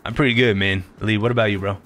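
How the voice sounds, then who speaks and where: A man streaming a survival game, talking loud and excitable and swearing often. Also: on the low side, fast, a little hiss or hum. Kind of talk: casual gameplay streaming.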